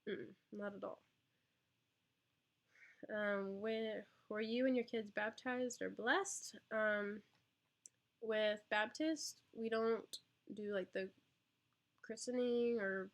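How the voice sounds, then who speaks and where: A young woman and mother answering viewer questions on a casual live stream, with lots of ums and small laughs. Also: fairly high pitch. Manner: chatty, lots of ums, talks to her baby. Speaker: vlogger and mother.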